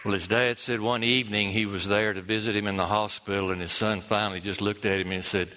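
Guy preaching, bright voice, keeps repeating phrases, kinda halting. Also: on the low side, steady tone, in a large hall. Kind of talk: sermon storytelling.

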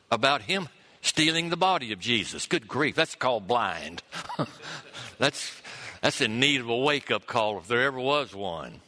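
A man preaching a sermon, reading scripture aloud and acting out the quoted lines with chuckles and pauses. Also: mid-range voice, pushed and bright. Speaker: pastor.

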